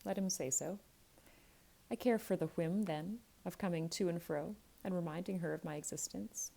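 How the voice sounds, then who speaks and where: A woman's voice: lowish voice, moderate pace, gravelly, warm tone, poor audio. Woman reading a sneering bitter young man. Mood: defiant. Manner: sneering, defiant.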